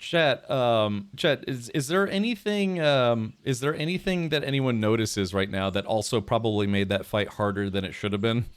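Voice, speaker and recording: A man's voice: mid-range voice, animated, normal speed, hardly any pauses, clean tone, no echo. Chatty male streamer, dry close sound. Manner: chatty, laughs often, talks to chat, rambling asides. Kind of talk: casual live gameplay commentary.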